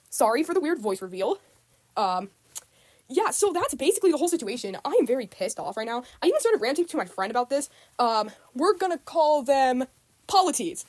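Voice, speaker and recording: A woman's voice: a little high, dry recording. A teenage girl, upset, rambling through a casual rant to camera, repeating herself with lots of ums. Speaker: student vlogger.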